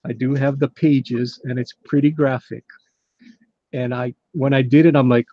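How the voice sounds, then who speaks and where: A man's voice: mid-range voice, fairly even intonation, measured pace, no echo, dull audio. A man chatting casually on a livestream, an easygoing comic artist with chuckling asides.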